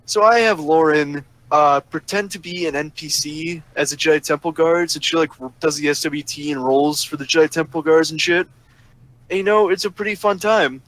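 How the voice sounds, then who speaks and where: A man's voice: a little high, moderate pace, a bit bright, rough recording. A man telling a long story in a casual, profane rant, sarcastic and flaring up angry. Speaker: storyteller ranting about a roleplay server. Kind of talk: casual ranting monologue.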